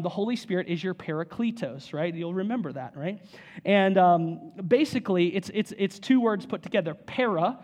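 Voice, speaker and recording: A man preaching a sermon in an animated, conversational way, with frequent repeats and asides to the congregation. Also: sits high. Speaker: pastor.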